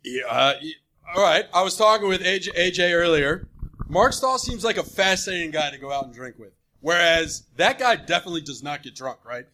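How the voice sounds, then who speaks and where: A young man riffs through a live podcast with a bright, high voice. He jokes and laughs as he goes, and his pitch leaps around. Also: a little fast. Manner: joking, animated, laughs often. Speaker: podcast co-host. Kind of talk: casual live podcast banter.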